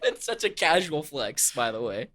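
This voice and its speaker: A man's voice: a little high, very animated, moderate pace, sharp tone, no room sound. A man in casual podcast chat, reacting with big exclamations and laughter.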